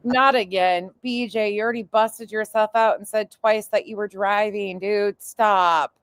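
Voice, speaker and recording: A woman's voice: medium pitch, fairly even intonation, a little slow, smooth, no echo. A woman commentating on a livestream in a sarcastic, heavily profane style. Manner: sarcastic, swears constantly.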